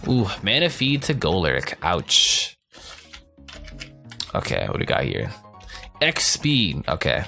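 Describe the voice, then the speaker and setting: Animated, joking young man narrating gameplay. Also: low voice, takes it slowly, creaky, pauses often. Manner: profane, joking, rambling, reacts loudly. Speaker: let's play gamer. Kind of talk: casual gameplay commentary. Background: faint game music.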